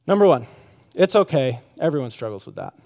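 A man's voice: fairly high pitch, expressive, brisk, darkish tone. Casual preacher man in a reverberant hall. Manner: conversational, many fillers and restarts. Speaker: pastor. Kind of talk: sermon.

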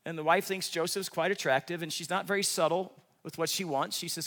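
A man preaching a sermon as pastor, animated, with humor and acted-out voices. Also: a little high, fairly quick, long reverb tail. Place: church sanctuary.

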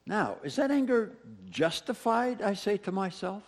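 A man's voice: high voice, very animated, a little slow. A male pastor delivering a sermon in a conversational way, talking straight to the people in front of him and repeating lines to drive a point home. His voice rises and falls widely, full of swings. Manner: conversational, speaks straight to the congregation with repetition.

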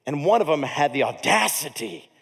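A male pastor tells a story from the pulpit with a high, very lively voice that leaps up and drops low. His delivery is comic and animated, with big swings in volume, and it rings out through a large hall with a long echo. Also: moderate pace, creaky, slightly rough. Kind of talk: storytelling sermon.

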